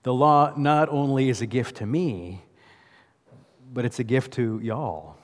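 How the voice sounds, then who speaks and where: A male pastor delivers a sermon in a church, loose and conversational, often asking the congregation questions. His mid-pitched voice carries a long reverb from the big sanctuary. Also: animated, measured pace.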